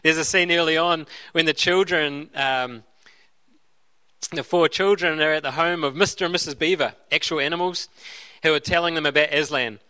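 A man's voice: fairly high pitch, normal speed, pushed and bright, smooth. A man preaching a sermon in an earnest way, often repeating and restarting his phrases. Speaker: pastor.

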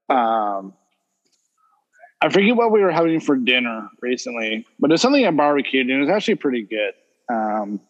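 A man's voice: medium pitch, long reverb tail, dull audio. A man hosting a casual podcast, telling a family story and laughing often as he talks. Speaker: podcast host. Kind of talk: casual chat.

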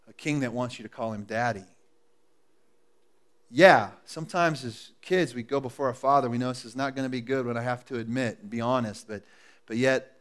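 A man preaching a sermon to his congregation, dropping to a hush and then rising to loud, emphatic appeals. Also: mid-range voice. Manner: swings from hushed and intimate to loud and emphatic, coaxing the congregation. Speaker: pastor. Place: church service before a congregation. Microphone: live sermon recording.

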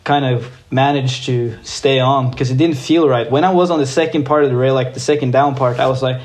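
A young man from Norway, a guest skateboarder, telling a story in a casual, excited way, swearing freely and using lots of fillers. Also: mid-range voice, fairly quick.

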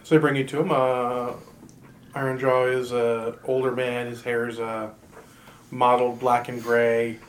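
A man's voice: medium pitch, flat delivery, a little slow. Guy narrating a tabletop game, easygoing, jokey asides, bit of background hiss. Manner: casual, laid-back narration with asides. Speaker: game master.

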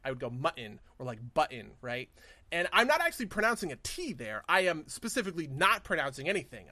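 A young man from New Jersey co-hosts a relaxed podcast chat. His voice is bright and forceful, a touch higher than most men's, and sits dry and close to the mic. He gets animated and explains with examples. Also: no room sound. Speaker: podcast co-host. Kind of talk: casual chat.

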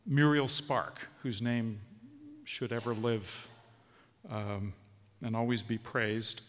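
A man giving a halting spoken introduction at a live reading, full of fillers. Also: medium pitch, fairly even intonation, a bit bright, slight background noise. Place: stage of a hall. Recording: long hall reverb, live stage.

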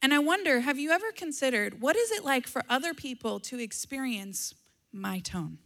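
A woman preaching a sermon alongside her husband, measured and earnest, with dry humor. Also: sits high, lively intonation, a bit bright. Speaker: pastor.

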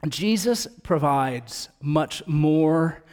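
A man's voice: a little high, animated, very slow, darkish tone, clear, resonant tone, long reverb tail. A man preaching an earnest, conversational sermon as pastor and building to emphatic points.

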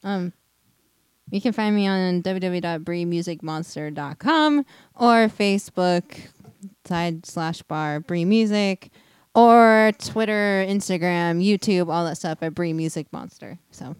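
A woman's voice: on the low side, measured pace, clear, resonant tone, no room sound, clean studio sound. A woman musician, a guest, chatting casually and enthusiastically, laughing often. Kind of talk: casual chat.

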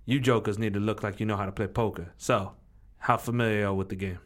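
A man's voice: on the low side, steady tone, fast talker. A man playing a tabletop role-playing game, speaking in character in a bossy, profane way as he gives orders. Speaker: player. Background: music.

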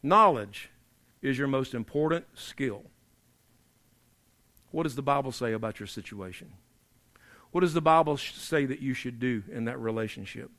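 A man preaching a sermon, emphatic and repetitive, dropping low and quiet to drive points home. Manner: emphatic preaching, repeats key phrases, drops to quiet for emphasis. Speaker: pastor.

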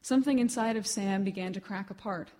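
A woman reads her own fiction aloud at a live literary event. She tells it in a measured, expressive way, at a middle pitch for a woman. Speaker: writer reading her fiction. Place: reading event.

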